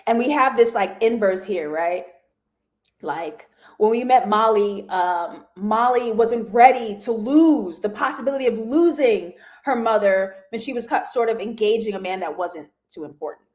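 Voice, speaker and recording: A woman's voice: medium pitch, moderate pace, a little mellow. A young woman hosting a live TV review show, chatting casually to viewers with slangy asides and frequent laughter.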